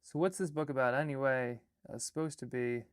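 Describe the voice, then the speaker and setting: A man's voice: medium pitch, a little fast, clean tone, dry recording, clean studio sound. A young man from Alaska, an artist and filmmaker, chatting casually on a livestream while he rambles through edits and reads chat comments and draft lines aloud.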